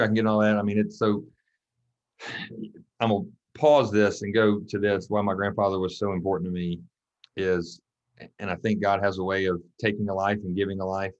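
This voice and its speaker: A man, a coach from Mississippi, telling his story in a casual interview, animated, acting out the voices of people he quotes. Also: lowish voice. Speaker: guest, track and football coach. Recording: dull lo-fi podcast audio.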